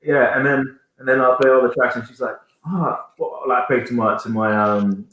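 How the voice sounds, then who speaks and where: A man's voice: medium pitch, steady tone, brisk, fairly bright tone. A man in his thirties from Jamaica, a band singer chatting casually as a guest and rambling as he searches for words. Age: 30s. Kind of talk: casual interview chat. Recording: very echoey room.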